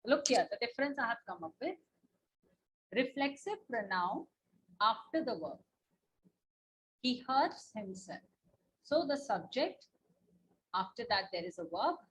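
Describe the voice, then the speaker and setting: A woman's voice: medium pitch, low-quality recording. A woman with an Indian English accent teaching an online class, patient and repetitive, checking in with "okay?" as she goes. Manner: patient, repeats points, asks "na?" and "okay?".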